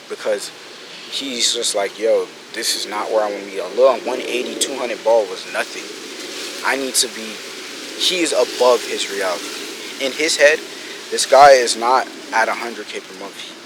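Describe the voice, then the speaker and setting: A man in his twenties giving a casual, energetic motivational talk about business, swearing freely and acting out his friends' words. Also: fairly low pitch, background noise. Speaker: business coach vlogger.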